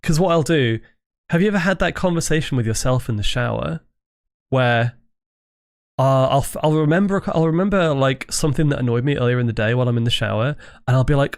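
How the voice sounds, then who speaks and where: A man's voice: medium pitch, a little fast, no echo, studio quality. A British man hosting a casual livestream, rambling, restarting his sentences and swearing freely into a desk microphone. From Britain. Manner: rambling, self-interrupting, swears and laughs easily. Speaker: livestream host.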